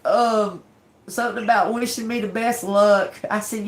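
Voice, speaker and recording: This woman's medium-pitched voice moves at a normal speed as she rants casually while hosting a tarot livestream. Lively and quick to laugh, she swears freely and acts out exchanges she's quoting.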